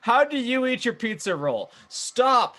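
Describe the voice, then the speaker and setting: A man's voice: very high-pitched, very animated, unhurried, fairly bright tone. A man co-hosting a comedy podcast, reading out facts and laughing easily. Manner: reads out facts, stumbles on names, laughs easily. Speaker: podcast co-host. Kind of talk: casual comedy podcast chat.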